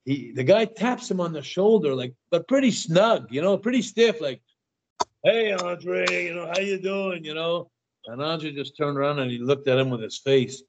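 A fairly high-voiced older man spins stories in a loose, conversational way. He trips over his words and repeats himself as he goes. The sound is dull and lo-fi. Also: normal speed. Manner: stammers and repeats words, animated anecdotes. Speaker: guest. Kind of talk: casual interview storytelling.

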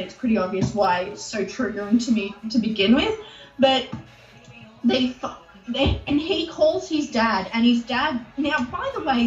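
Her voice on the high side, this woman in her forties co-hosts a podcast and angrily recounts a TV show, cursing freely and performing the characters' quoted lines. The audio comes across as dull, distant, and full of echo.

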